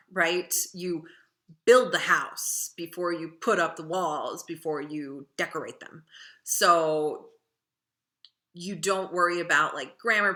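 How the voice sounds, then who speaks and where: A woman's voice: lowish voice, bright, forceful tone. A young adult woman teaching writing in a casual, chatty lecture, with many fillers and digressions. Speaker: writing instructor.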